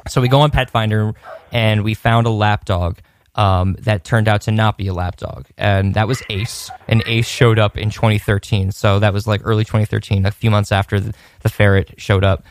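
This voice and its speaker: A man's voice: lowish voice, steady tone, normal speed. A man telling a rambling personal story in a casual podcast chat, with many restarts and laughs.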